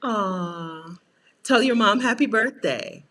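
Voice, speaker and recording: Slow, expressive, and fairly bright in tone, a woman who coaches and hosts her own channel chats through a casual livestream. She answers viewers' comments with frequent laughter and playfulness, breaking into high-pitched, exasperated asides.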